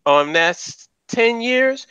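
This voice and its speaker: A man in a heated live discussion, speaking bluntly and profanely with animated delivery. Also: very high voice, extremely slow, clear, resonant tone, no echo, muffled recording.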